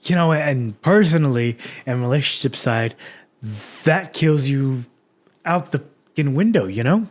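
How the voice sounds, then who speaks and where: A young man talks through his own life on his podcast, candid and rambling, full of fillers and false starts. His voice sits at an ordinary middle pitch for a man. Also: expressive, measured pace. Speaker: podcast host. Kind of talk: reflective personal podcast monologue.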